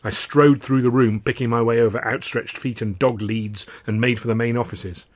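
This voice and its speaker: A man with a husky, mid-pitched voice reads his own comic novel in the first person. He tells it in a wry, lively way. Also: moderate pace. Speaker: author and narrator.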